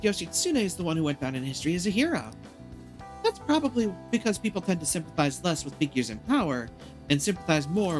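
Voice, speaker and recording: Lively streamer reading game text aloud. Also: medium pitch. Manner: reads quiz lines aloud, chatty. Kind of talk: let's-play chat and reading aloud.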